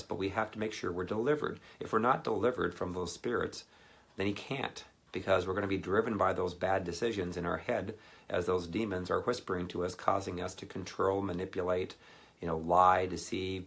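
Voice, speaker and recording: This ministry speaker has a low-pitched voice with vocal fry and a breathy edge, moving at a moderate pace. In a casual sermon, he meanders through a personal story, bringing others' remarks to life with animated voices.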